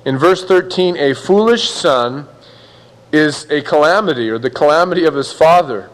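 A man's voice: a little high, lively intonation, moderate pace. Folksy preaching man in a reverberant hall. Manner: conversational, folksy preaching with acted-out quotes. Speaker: pastor. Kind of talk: sermon.

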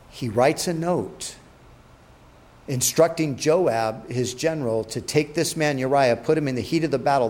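A man preaching, retelling a Bible story with animated delivery and acted-out quotes. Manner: animated, acts out quotes with rising and dropping pitch. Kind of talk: sermon storytelling.

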